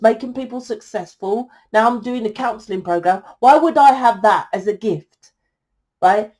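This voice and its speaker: A woman's voice: mid-range voice, darkish tone. A woman giving a tarot reading to her viewers, blunt and exasperated, scolding them and swearing freely. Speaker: tarot reader.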